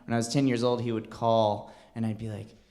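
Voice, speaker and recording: A man's voice: fairly low pitch, level tone, brisk, dark tone. A man telling a rambling, self-deprecating story on a comedy stage, with many hesitations. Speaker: stand-up comedian. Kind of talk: stand-up storytelling.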